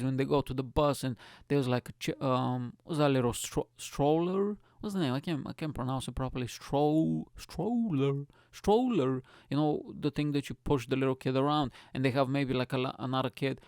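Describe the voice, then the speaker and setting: A man hosts his own podcast, rambling from topic to topic with plenty of swearing and jokes. His voice is smooth and crisp with a gravelly fry. The sound is dry and close. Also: mid-range voice, a little mellow, dry recording. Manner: rambling, profane, jokey. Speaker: podcast host. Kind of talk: casual solo rant. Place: lives in Britain.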